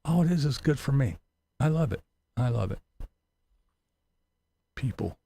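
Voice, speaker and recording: Gravelly sarcastic man ranting. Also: mid-range voice, expressive, measured pace, warm tone. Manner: sarcastic, mocking, laughs often, swears freely. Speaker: commentary channel host. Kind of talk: profane livestream rant.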